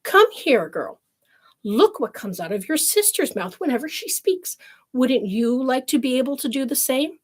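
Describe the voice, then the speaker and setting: A shrill, scheming storybook mother who cries out her words in a raised, excited pitch, as a woman reads her aloud. The voice has a husky, breathy edge. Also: normal speed, exaggerated voice. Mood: exclaiming.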